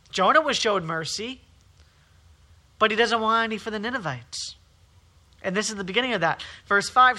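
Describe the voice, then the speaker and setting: A man preaching an emphatic, repetitive sermon, swinging between forceful calls and quieter stretches. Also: high voice, animated, moderate pace, long pauses. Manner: emphatic, repetitive preaching with rising and falling intensity.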